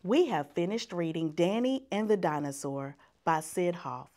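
A woman reading a children's picture book aloud as a guest reader, in an expressive storytelling manner. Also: on the low side, measured pace.

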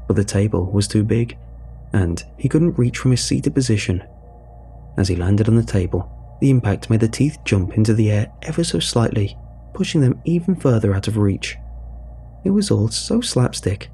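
A man narrating a scripted horror story in a measured, wry way. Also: lowish voice, dark tone, a little hiss or hum.

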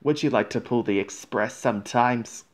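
A man voicing a kindly male railway boss, who speaks with quiet authority. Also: medium pitch, moderate pace, natural voice. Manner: kindly, commanding.

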